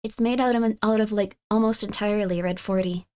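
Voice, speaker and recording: A woman streaming live, chatting casually and rambling, reacting to chat with sudden high squeals and wide swings in pitch. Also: steady tone, a little fast, darkish tone, clean tone.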